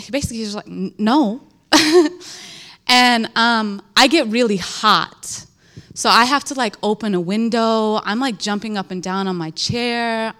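Slow, earnest woman sharing her testimony. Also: a little high, fairly bright tone. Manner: earnest, halting, full of "like" and restarts. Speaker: churchgoer giving a testimony. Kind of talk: personal faith testimony.

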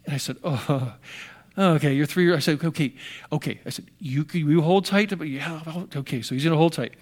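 A man's voice: a little high, brisk. An older American man preaching a sermon, telling stories animatedly with restarts and sound effects. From United States. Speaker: pastor.

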